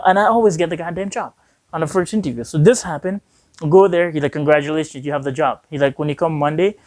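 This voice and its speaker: A man's voice: on the high side, dry recording. Rambling young man telling a story. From Afghanistan. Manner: rambling, acts out quoted dialogue, frequent "he like". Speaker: vlogger. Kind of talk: casual storytelling vlog.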